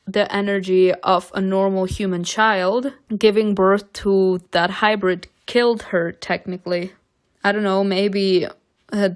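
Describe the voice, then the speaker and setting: A woman reading a story game aloud and narrating, with expressive reading broken by chatty asides. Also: medium pitch. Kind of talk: reading a visual novel aloud with commentary.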